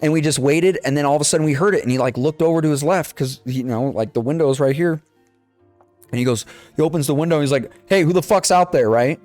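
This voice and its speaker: A man's voice: on the high side, fast talker, no room sound, soft background music. A young man casually telling a childhood story on a podcast, swearing freely and acting out the dialogue. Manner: swears freely, animated retelling with quoted dialogue. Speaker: podcast co-host.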